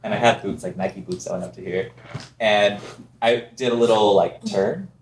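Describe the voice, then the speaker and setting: On a podcast, a guest from Ontario, Canada shares casual stories, getting animated as he acts out the others' voices. He has a lowish voice and moderate pace, and a little hiss or hum can be heard.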